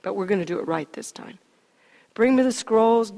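A woman's voice: normal speed, gravelly, close to an everyday voice. Woman playing King David, indignant king. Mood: hushed. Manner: indignant shouting, later low and hushed. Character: King David, a frustrated man ruler, shouting then hushed. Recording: long reverb of a hall.

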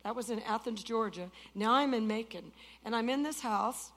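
A woman in her sixties preaching a testimony, swinging from loud outbursts to hushed tones. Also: a little high, moderate pace. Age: 60s. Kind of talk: sermon testimony.

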